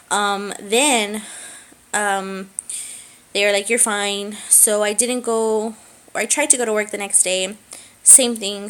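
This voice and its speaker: A young woman speaking in a halting personal vlog, with many pauses and fillers, close to tears. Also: medium pitch, a bit bright, poor audio. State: tearful. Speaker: vlogger.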